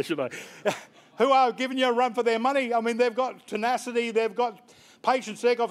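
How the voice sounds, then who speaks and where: Male pastor with a high voice, preaching with energy to his congregation. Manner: lively preaching, calling out congregation members by name. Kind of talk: sermon. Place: church sanctuary.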